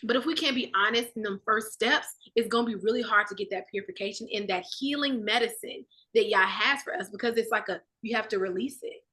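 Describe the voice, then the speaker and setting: A woman in a casual Bible study discussion, talking with animated conviction and often acting out inner dialogue. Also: medium pitch, quick pace, few pauses.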